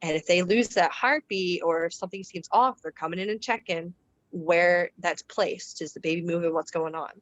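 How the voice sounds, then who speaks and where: Relaxed chatty woman, dry lo-fi sound. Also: on the low side, normal speed, no room sound. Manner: relaxed, chatty, frequent fillers and restarts. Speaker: podcast guest. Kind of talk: casual conversational storytelling.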